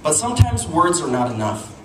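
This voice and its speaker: A man's voice: fairly high pitch, fairly quick. A young man from Utah performing a stand-up comedy set, telling stories and talking to the crowd. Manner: animated storytelling with audience asides. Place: comedy club stage. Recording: echoey live room, mic at a distance, noisy. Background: audience laughter and room noise.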